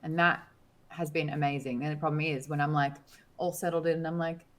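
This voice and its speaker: A woman co-hosting a casual chat, telling stories with lively acted-out quotes. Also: low voice, a little fast. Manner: animated storyteller, acts out quotes. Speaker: co-host.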